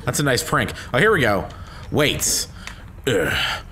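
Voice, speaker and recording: A man doing let's play commentary, joking crudely and breaking into loud excitable outbursts. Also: medium pitch, takes it slowly, slight background noise. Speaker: gaming commentator.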